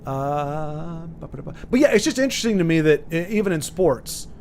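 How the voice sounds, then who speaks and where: A man's voice: fairly high pitch, lively intonation, brisk, darkish tone, slight background noise. A man streaming live, chatting casually and rambling while he reads out viewer comments, with frequent restarts and chuckles.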